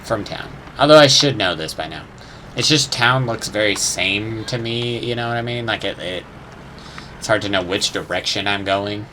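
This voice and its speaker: A man's voice: fairly low pitch, moderate pace, bright, forceful tone, a little hiss or hum. A young man chatting casually over his gameplay, rambling and unsure, swearing now and then and humming little sound effects. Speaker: gamer.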